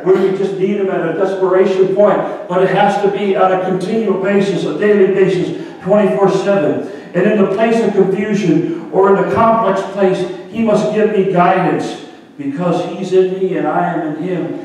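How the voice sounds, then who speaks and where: A man with a fairly high voice preaches a sermon, turning to his listeners now and then with direct questions. His voice rings through a long, echoing hall, and he sounds set back from the microphone. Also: a little mellow, recorded from a distance. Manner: storytelling preacher, addresses congregation directly. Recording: echoey hall, speaker off the mic.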